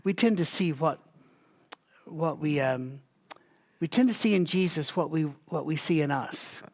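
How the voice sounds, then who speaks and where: A man's voice: a little high, measured pace, a little mellow. A man leading a Bible study in a conversational teaching style, thinking aloud with asides and restarts, and coughing now and then. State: has a recurring cough.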